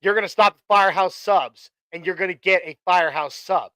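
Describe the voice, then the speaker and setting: Man, casual host chat, lots of fillers, high pitch, dry mic. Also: a little fast, bright, forceful tone, clean tone, no echo, low-quality recording. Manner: chatty and rambling, many fillers and restarts. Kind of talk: casual chat on a live stream.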